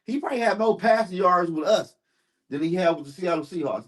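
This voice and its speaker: A man's voice: high voice, animated, brisk, fairly bright tone. A man hosting a live sports stream, ranting heatedly and profanely while answering his chat.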